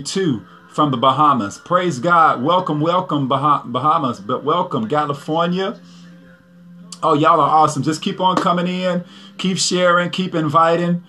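Man, upbeat pastor and prophet welcoming livestream viewers, forceful bright tone. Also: fairly high pitch. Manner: upbeat, chatty, repeats greetings.

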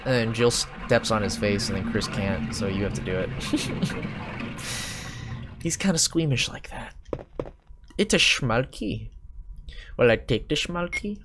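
A male gamer chatting loosely and cursing freely while he plays alone at home. His pitch bounces all over, and game music runs steadily underneath. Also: animated, moderate pace, pauses often. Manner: rambling, self-mocking, profane. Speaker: gaming channel host. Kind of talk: casual Let's Play commentary. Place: home room.

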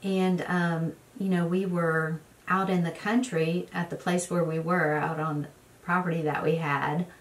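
A woman vlogger in casual chat, her voice sitting fairly low for a woman. She rambles through stories with plenty of fillers and restarts, heard from a slightly distant mic. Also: flat delivery, measured pace. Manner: rambling storyteller, many fillers. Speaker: beauty vlogger. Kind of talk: casual get-ready-with-me chat.

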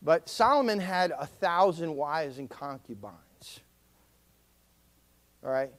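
A man's voice: on the high side, lively intonation, slow pace. A male pastor preaching a sermon in an emphatic style and calling on the congregation to respond.

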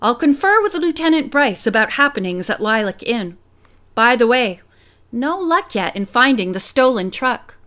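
A woman's voice: a little high, big pitch swings, moderate pace, fairly bright tone. A woman reading the part of a matter-of-fact male police chief in an audiobook. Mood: businesslike.

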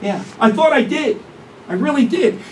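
A man's voice: very high-pitched, lively intonation, moderate pace. A man doing a crude, brash stand-up comedy set, recorded on a distant mic with room noise. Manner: brash, crude, punchy delivery.

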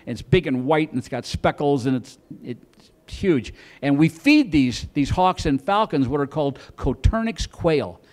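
A middle-aged man on a comedy club stage tells a long story in a fairly high voice. He rambles and repeats words, and he acts out the lines of the people in his story. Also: animated, moderate pace, a little mellow. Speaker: stand-up comedian. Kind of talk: stand-up storytelling.

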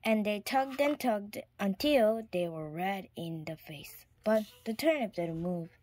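Slow, gentle woman reading a storybook. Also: medium pitch, lively intonation. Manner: slow, clear storytime reading, slips into whispers. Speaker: storybook reader. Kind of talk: reading a children's picture book aloud.

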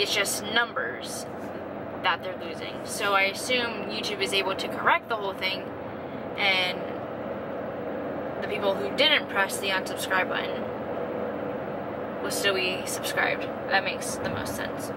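A woman's voice: medium pitch, heavy background noise. A young woman vlogging in a casual, rambling, self-deprecating way, sounding tired and drained. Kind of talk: casual vlog chat. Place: car and home.

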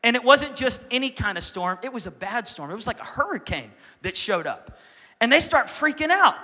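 A young man preaching a lively sermon as pastor, swinging from quiet asides to loud shouts. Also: very high voice, brisk, long reverb tail. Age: young adult.

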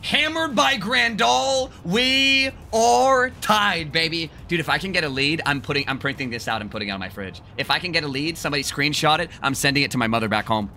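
A man giving excited, joking gameplay commentary with crude trash talk and bursts of yelling. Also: mid-range voice, very fast, hardly any pauses, slight background noise. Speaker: gaming video creator.

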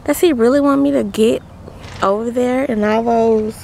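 A woman's voice: on the high side, fairly even intonation, moderate pace, vocal fry, darkish tone, slight background noise. A pregnant woman chatting playfully in a casual family vlog, filmed on a handheld camera. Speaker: vlogger.

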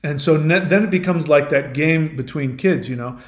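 A man's voice: fairly high pitch, moderate pace. A man hosting his channel, telling a myth as a lesson in a conversational way, with explanatory asides to the listener. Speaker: channel host. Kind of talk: storytelling, retelling a myth as a lesson. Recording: roomy echo.

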